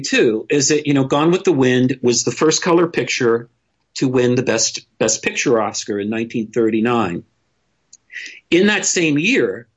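An opinionated man talks through a casual podcast discussion, blunt and quick to curse, often stumbling over his own restarts. His voice is slightly husky and sits at a middling pitch. The recording is a bit dull and lo-fi. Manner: opinionated, blunt, swears freely, many restarts.

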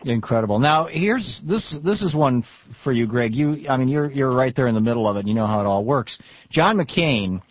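Husky-voiced man hosting talk radio. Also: medium pitch, expressive, dry recording. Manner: opinionated, quick to argue. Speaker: radio talk show host. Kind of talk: radio talk show chat. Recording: dull, dry studio sound.

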